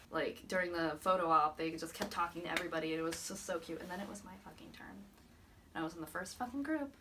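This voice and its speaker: A woman's voice: fairly low pitch, sharp tone, far from the mic, slight background noise. A young woman recapping a fan meet in a vlog, gushing, swearing a lot and laughing often. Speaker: vlogger.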